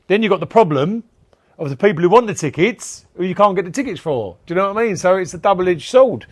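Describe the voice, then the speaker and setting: A man's voice: a little high, expressive, quick pace, background noise. Chatty man telling stories. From England. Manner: chatty storyteller, acts out dialogue, laughs often. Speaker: podcast guest, events promoter. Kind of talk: casual interview chat.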